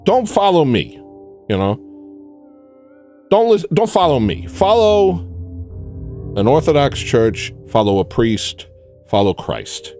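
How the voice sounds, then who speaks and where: Man, livestream rant, lively up-and-down pitch, loud bursts then low mutters, faint music behind. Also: takes it slowly, pauses often. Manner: swings between shouting and muttering; jokey, rambling, preachy. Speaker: livestream host. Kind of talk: ranting monologue.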